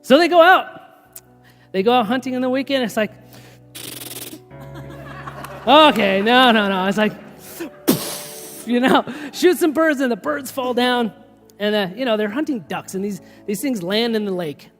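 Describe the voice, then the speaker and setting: A pastor preaching a sermon, telling stories in an animated way and laughing often. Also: male voice, extremely high pitch, measured pace, long pauses, big-room sound, soft background music.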